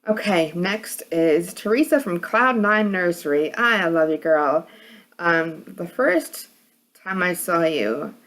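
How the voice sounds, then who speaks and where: A woman's voice: on the low side, expressive, slow pace, fairly bright tone. A woman with a New York accent chatting casually as a vlogger, with a hard, edgy voice and a rambling way of talking. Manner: rambling, many fillers and restarts. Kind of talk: casual chat.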